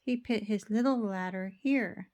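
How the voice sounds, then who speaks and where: A woman's voice: mid-range voice, a little slow, darkish tone. A woman reading a children's picture book aloud, rhythmic and playful with sound words. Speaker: storybook reader.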